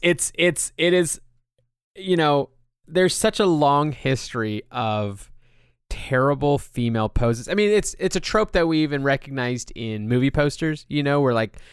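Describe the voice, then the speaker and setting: A man's voice: fairly high pitch, animated, measured pace, clean tone, dry recording, studio quality. A man hosting a podcast, chatting casually and loosely with lots of filler words. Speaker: podcast host.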